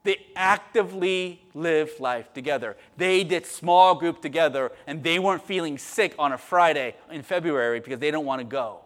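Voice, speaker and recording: This sermon comes from a middle-aged male pastor whose voice is a little high, moving at normal speed with hardly any pauses. He speaks conversationally, appending "right?" to lines and alternating quiet asides with loud, emphatic bursts.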